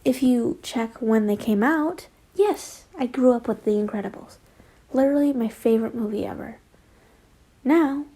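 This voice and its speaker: A woman's voice: fairly high pitch, normal speed, warm tone, poor audio. A young woman reading fanfiction aloud, wandering into rambling, self-deprecating asides and apologies. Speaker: fanfiction reader.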